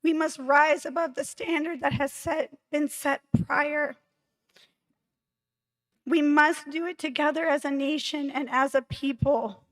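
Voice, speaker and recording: A woman speaks in a hoarse, high voice, working through a prepared campaign speech. Her delivery is slow and deliberate, measured and formal. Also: fairly even intonation, fairly bright tone, poor audio. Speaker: candidate for vice chair.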